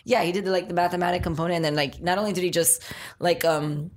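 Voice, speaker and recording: A woman's voice: lowish voice, fast. A woman co-hosting a podcast in casual chat, telling stories and acting out what people said. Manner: animated storyteller who acts out quotes. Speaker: podcast co-host.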